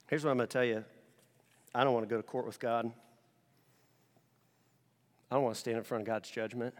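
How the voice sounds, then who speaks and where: A male pastor preaching a sermon in a conversational, animated way, alternating between loud emphasis and quiet, intense passages. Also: mid-range voice, a little fast, pauses often, long reverb tail. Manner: casual conversational asides.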